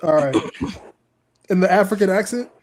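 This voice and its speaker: A man's voice: sits high, lively intonation, unhurried, darkish tone. A man co-hosting a casual podcast, laid-back and swearing casually. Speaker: podcast co-host. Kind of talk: casual chat.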